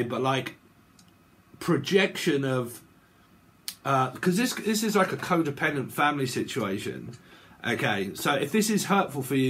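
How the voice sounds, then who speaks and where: This husky, medium-pitched male voice belongs to a tarot reader doing a casual reading for his viewers. He rambles and keeps checking in with repeated "okay" and "right."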